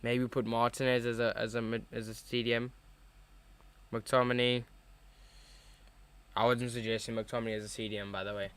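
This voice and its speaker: A young man hosting a live football watchalong, reacting to the match with chatty, excitable fan commentary. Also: mid-range voice, normal speed, long pauses, clean tone.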